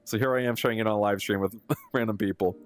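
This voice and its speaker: Animated young man telling a story. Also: medium pitch. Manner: animated, laughs often, lots of fillers. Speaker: live streamer. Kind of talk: casual storytelling.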